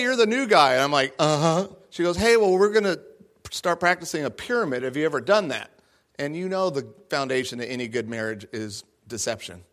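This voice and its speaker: Animated middle-aged male speaker with a bright, fairly high voice; self-mocking storyteller who acts out the voices for the crowd. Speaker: guest speaker. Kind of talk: comedic storytelling talk to an audience. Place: large room before a live audience.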